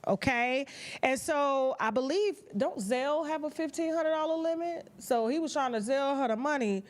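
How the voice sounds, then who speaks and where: A woman's voice: high-pitched, moderate pace. A woman hosting a gossip show, talking to her viewers in a sassy, chatty way with casual commentary.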